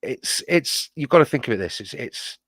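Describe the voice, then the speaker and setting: A man's voice: mid-range voice, sing-song, normal speed, fairly bright tone, no room sound. A man co-hosting a casual fan show, wordy and playfully mock-formal. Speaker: co-host. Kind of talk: casual fan podcast chat.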